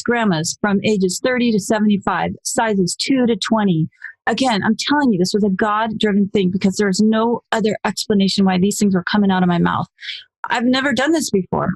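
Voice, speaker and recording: A woman in her forties, a podcast guest, telling her story in a lively, casual way and acting out the voices she quotes. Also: no echo. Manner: animated, acts out quoted voices with pitch jumps.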